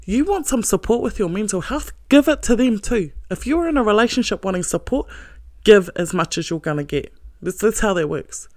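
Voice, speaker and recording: A woman host giving a blunt, profane, forceful monologue about relationships. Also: mid-range voice, animated, fairly quick, no echo, studio quality.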